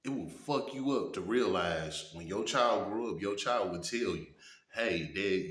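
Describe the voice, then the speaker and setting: A man in his thirties talks straight to his viewers with a low, deep voice. He is blunt and swears often, and he keeps checking in with his listeners. The room gives his voice a strong echo. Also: lively intonation, a little slow, a bit bright. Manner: blunt and profane, often asks "you know what I'm saying". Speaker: vlogger reacting and telling stories. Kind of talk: casual storytelling monologue. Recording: echoey room.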